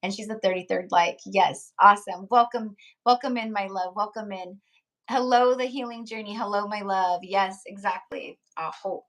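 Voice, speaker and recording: On a casual live stream, a woman who reads tarot talks at a moderate pace in a mid-range voice that's gradually going hoarse. Relaxed and rambling, she sprinkles in "like" and laughs, repeatedly pausing to read out and thank viewers from the chat.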